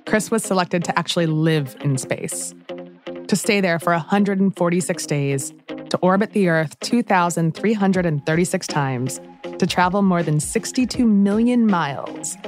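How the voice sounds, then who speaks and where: A woman's voice: on the low side, moderate pace. A woman narrating a documentary in an enthusiastic, conversational scripted style. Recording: dry studio voice-over with soft music.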